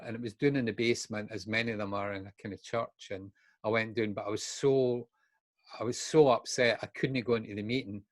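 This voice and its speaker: A man's voice: on the low side, fairly even intonation, fairly quick, dry recording. Candid Scottish man in his sixties. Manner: frank, acts out remembered dialogue. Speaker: guest speaker in recovery. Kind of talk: candid personal storytelling.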